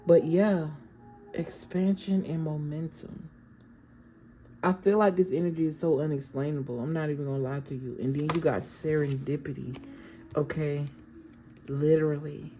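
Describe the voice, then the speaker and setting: A woman's voice: low-pitched, steady tone, moderate pace, dark tone, a little hiss or hum, low-quality recording. A woman giving a casual, affirming tarot reading and often checking in with "okay?". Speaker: tarot reader.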